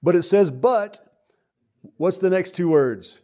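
A man's voice: high-pitched, moderate pace, dark tone. A man preaching a sermon as pastor, earnest and folksy, with frequent fillers. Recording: dull lo-fi sound.

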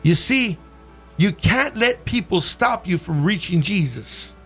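A man's voice: high voice, lively intonation, slow pace, fairly bright tone, slightly rough, faint music behind. A man preaching a bilingual sermon, switching between English and Spanish and calling out for amens from the congregation.

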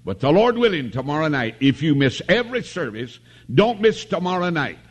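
Folksy middle-aged preacher with a raised pitch. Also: male voice, big pitch swings, fairly quick. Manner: folksy, homespun, with jokes and calls for amen. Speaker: revival preacher. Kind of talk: sermon. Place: tabernacle.

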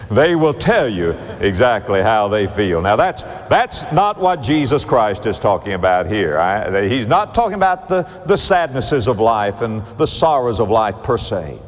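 A man's voice: medium pitch, very animated. Dramatic preacher man in a reverberant hall. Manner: dramatic preaching with wide swings and slow emphatic quotes. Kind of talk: sermon.

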